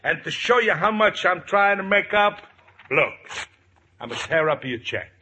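A scheming Italian shopkeeper, bright lively voice, Italian accent, broken English, 1940s radio sitcom. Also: male voice, high-pitched, normal speed, slight background noise. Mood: wheedling. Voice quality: broken English, wheedling and blustering. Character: scheming, blustering Italian shopkeeper man, middle-aged.

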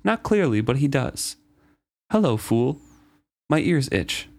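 A man reading aloud the lines of a calm, wise male wolf companion from a book. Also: mid-range voice, slow pace, pitched above the performer's own voice.

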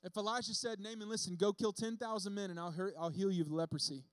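A man preaching a sermon in a casual, lively storytelling way, acting out the characters' lines. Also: sits high, quick pace, smooth, no echo. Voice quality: bearded speaker. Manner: casual, animated storytelling with acted-out quotes.

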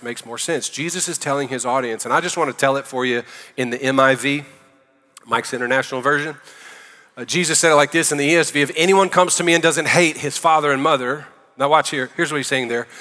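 Southern guy preaching, casual jokey sermon, bright punchy voice, big echoey church hall. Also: on the high side. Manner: conversational with joking asides. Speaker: pastor. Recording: long hall reverb.

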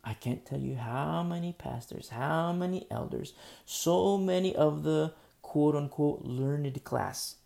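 A man preaching a sermon, earnest, swinging between soft pleading and emphatic outbursts. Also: a little high, slow, creaky.

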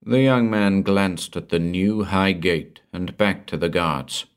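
A man's voice: low-pitched, slow, clean tone. A man narrating a pulp crime story aloud in a tense, dramatic reading.

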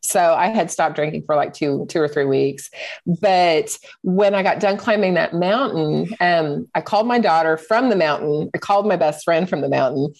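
A middle-aged woman with a low, gravelly voice speaks candidly as a podcast guest. She is reflective and pauses to search for words as she talks. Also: a little mellow. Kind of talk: personal storytelling in conversation.

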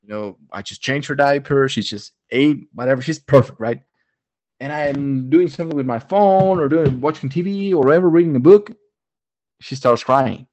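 A young man and new father chatting casually, profane and animated, telling stories with laughter. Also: mid-range voice, moderate pace, dry recording. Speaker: podcast co-host, father of a baby daughter. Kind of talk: casual chat.

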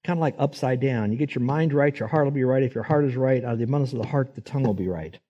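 A man's voice: medium pitch, very fast, mellow, dull audio. A man preaching a sermon, folksy and emphatic, posing rhetorical questions to his listeners. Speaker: pastor.

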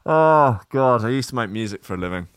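A man reads the news on a comedy podcast, breaking off into wry, mocking asides and giggles. His mid-pitched voice is smooth and clear. It is recorded close and dry. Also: expressive, fairly quick, no echo. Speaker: podcast host. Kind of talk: comedic news-reading chat.

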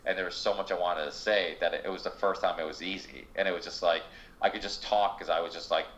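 A man's voice: sits low, fairly even intonation, fast talker, a bit bright, dull audio, a little hiss or hum. A man hosting a podcast, talking casually in long rambling stretches, with frequent restarts and swearing. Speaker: podcast host. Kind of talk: casual interview chat.

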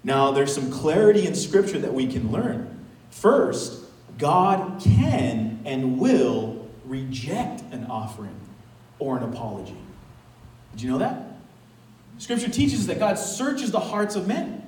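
A man preaching as pastor in a conversational, animated way, with casual asides and laughter. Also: on the high side, slow pace, echoey room, recorded from a distance, poor audio. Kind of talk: sermon. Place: church sanctuary.

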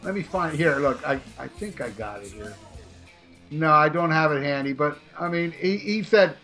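A man co-hosting a podcast, telling a story in a rambling, profane, animated way with many restarts. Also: a little high, moderate pace, faint music behind. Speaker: podcast co-host.

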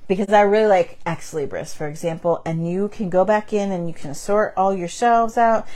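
A woman's voice: medium pitch, normal speed, a little mellow. A woman co-hosting a board game chat, talking casually and putting herself down with frequent laughs. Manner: chatty, self-deprecating, laughs often. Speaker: board game podcast co-host. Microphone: on camera, table mic.

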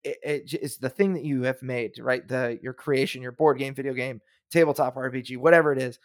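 A man's voice: mid-range voice, fairly even intonation, a little fast, no echo, clean studio sound. A man co-hosting a podcast in casual chat, wry and blunt, firing off rhetorical questions. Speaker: podcast co-host.

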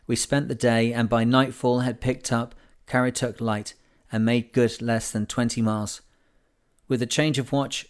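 Casting: a male narrator, clear and resonant, mid-pitched, with calm, measured storytelling delivery. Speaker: audiobook narrator. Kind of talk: audiobook reading of a classic sailing memoir.

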